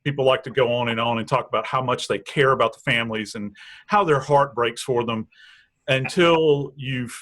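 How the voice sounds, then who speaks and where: A man's voice: medium pitch, normal speed, a bit bright. A man speaking as a death investigator guest in a true crime interview, blunt and emphatic, building his points through repetition.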